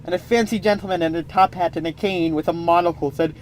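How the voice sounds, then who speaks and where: A man's voice: on the high side, fairly even intonation, fast. A man improvising a comic story, rambling with playful asides.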